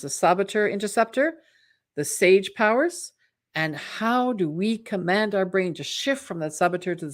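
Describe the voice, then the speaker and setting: A woman coaching on a live webinar, lively and chatty, often checking in with her audience. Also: mid-range voice. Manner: lively, acts out imagined inner voices in quotes; chatty, asks the audience "right?". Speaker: mental fitness coach hosting a webinar.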